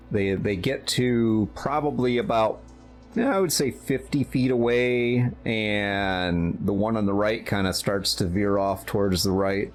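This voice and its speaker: A man with a lowish voice acts as game master for a tabletop role-playing game, narrating slowly and deliberately with small hesitations.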